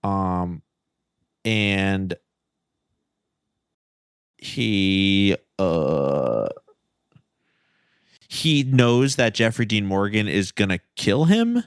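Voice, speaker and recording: A man with a slightly low voice rambles through a casual podcast chat. He jokes and leans on fillers. The recording is dry and close. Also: big pitch swings, drawn-out words, pauses often, clean tone, no echo. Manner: rambling, jokey, many fillers. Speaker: podcast co-host.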